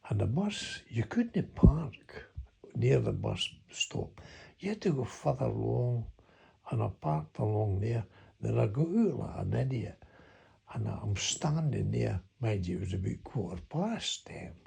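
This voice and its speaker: Reminiscing in a folksy, rambling monologue, an older man with a Scottish accent chuckles as he recalls a story from years ago. He speaks unhurriedly in a mid-range voice that's animated, creaky, warm and slightly rough.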